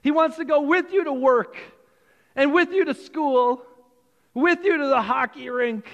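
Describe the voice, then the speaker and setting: A man's voice: extremely high pitch, a little slow, a bit bright, in a large hall, dull audio. A man preaching a Christmas sermon to his congregation, in a conversational style with repeated phrases and restarts. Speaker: pastor. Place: church sanctuary.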